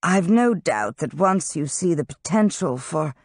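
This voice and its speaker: A playful young male wizard who loves to show off, his lines drawn out at an unhurried pace, as an audiobook reader puts him on. He teases more than he threatens. The sound is close and dry, with no room around it. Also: mid-range voice, lively intonation, no room sound, voice pushed up. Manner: teasing and showy. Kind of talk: audiobook character reading.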